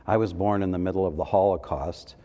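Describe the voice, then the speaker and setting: A man's voice: sits low, steady tone, brisk, mellow. A man in his seventies from Canada, telling playful personal anecdotes as a panelist and acting out the voices of people he quotes. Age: 70s. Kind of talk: storytelling panel talk. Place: large hall. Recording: reverberant hall.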